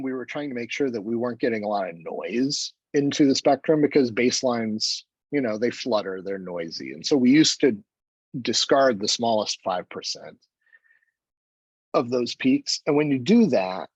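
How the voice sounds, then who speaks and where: Man, chemistry lecturer, casual seminar delivery, husky tone, middle pitch. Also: dry recording, muffled recording. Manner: relaxed, conversational, with self-deprecating asides and fillers. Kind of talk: academic seminar talk.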